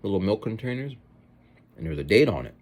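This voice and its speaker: Deep husky guy rambling casually on his vlog, voice swings up and down a ton. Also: fairly quick, lo-fi sound. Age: adult with children. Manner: rambling, animated, mimics other people's voices in quotes. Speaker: vlogger. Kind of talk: casual eating vlog monologue. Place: home, eating a meal.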